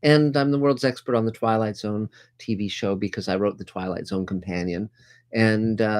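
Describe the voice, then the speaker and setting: A man's voice: fairly low pitch, fairly even intonation, moderate pace. A middle-aged man hosting a casual group video call, upbeat and chatty with lots of fillers. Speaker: host.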